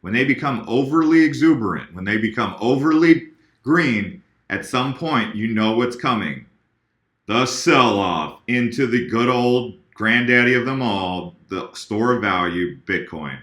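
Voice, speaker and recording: A man's voice: mid-range voice, expressive, a little slow, a bit bright, roomy sound. A man hosting a casual video about crypto charts and talking straight to his viewers, often correcting himself mid-sentence. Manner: chatty, addresses viewers directly, self-corrects.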